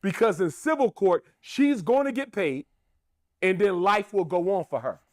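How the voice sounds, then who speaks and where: A man hammers home his opinions in a high voice that swings widely in pitch. He is emphatic and rhetorical and repeats his points for effect. The sound is close and dry, with no room echo. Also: lively intonation, moderate pace, a little mellow. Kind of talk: opinionated commentary.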